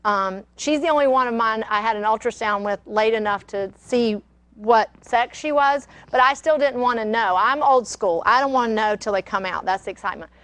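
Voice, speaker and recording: Chatty older woman, somewhat high voice. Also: moderate pace, fairly bright tone, no room sound. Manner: chatty, rambling storyteller. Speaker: cooking show host. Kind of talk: casual cooking demonstration. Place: kitchen studio.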